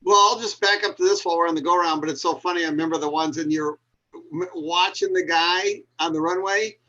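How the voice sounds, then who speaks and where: A man who co-hosts a live talk show tells stories from his years as a pilot with a wry, lively manner. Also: on the high side, a little fast. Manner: animated, wry storyteller. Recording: muffled lo-fi call audio.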